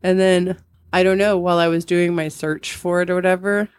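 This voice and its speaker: A middle-aged woman co-hosting a podcast talks a little fast in a lowish voice with flat delivery, yet she rambles chattily and giggles often. The sound is studio quality with no room ambience.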